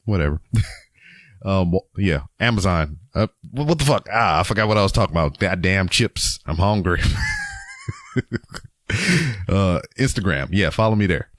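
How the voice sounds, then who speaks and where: Low-voiced rambling man hosting a podcast. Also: a little fast, no echo, studio quality. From Louisiana. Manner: rambling and chatty, with frequent ums and chuckles. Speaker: podcast host. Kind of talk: casual solo podcast outro.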